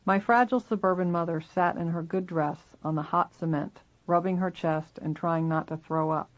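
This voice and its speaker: A reader narrating a first-person memoir in a steady, measured way. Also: mid-range voice, muffled recording.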